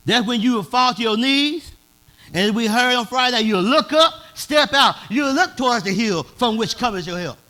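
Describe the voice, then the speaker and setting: High-voiced pastor man preaching, aave, gets shouty, real bright tone. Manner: preaching in a dialect, swelling to shouts. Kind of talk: sermon.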